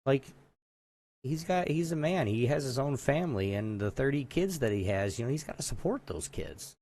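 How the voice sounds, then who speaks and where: A man co-hosting a casual podcast, wandering through a story with many asides. His voice sits in an ordinary middle pitch. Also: animated, normal speed, a little mellow, dry recording. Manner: rambling storyteller, lots of filler and restarts. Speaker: podcast co-host. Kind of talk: casual chat.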